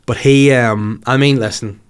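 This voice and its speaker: A man's voice: mid-range voice, steady tone, unhurried, smooth. A man hosting a podcast, joking and rambling through casual, teasing banter. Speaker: podcast host.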